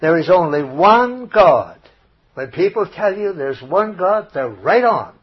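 Preacher, male, husky, slightly high-pitched; dull lo-fi sermon recording. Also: expressive, unhurried. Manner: emphatic, rising loud on scripture quotes.

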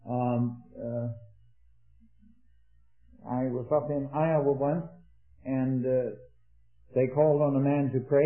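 A man preaching an earnest sermon, rising to emphatic peaks and dropping into quiet anecdotes. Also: a little high. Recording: echoey, tinny old sermon recording.

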